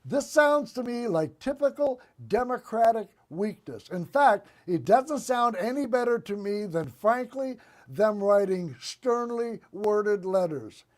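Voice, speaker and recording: A man hosting a political comedy show, delivering one-liners and sarcastic commentary in a deadpan monologue. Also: high voice, a little slow, few pauses. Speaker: host.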